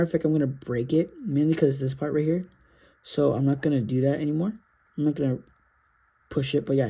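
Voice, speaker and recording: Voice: mid-range voice, creaky, mellow, husky. A sleepy, yawning action figure reviewer talking through a casual toy review in a rambling, self-correcting, apologetic way.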